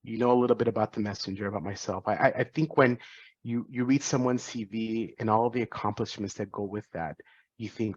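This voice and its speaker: A man's voice: fairly low pitch, steady tone, brisk, husky, no echo, lo-fi sound. A man in his forties, a physician giving an earnest, reflective talk to students, often restarting his phrases. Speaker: physician and guest speaker.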